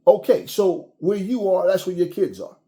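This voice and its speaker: This commentator rants to camera in a casual, blunt and profane way, frequently starting his sentences over. His male voice sits high, with a warm tone and a normal speed.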